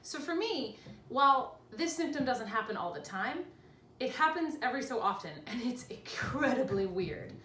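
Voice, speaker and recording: A young woman chatting casually in a vlog from her home, animated and quick to laugh. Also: sits high, far from the mic, a little hiss or hum. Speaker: vlogger. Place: home room with cats. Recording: echoey room with faint ambience.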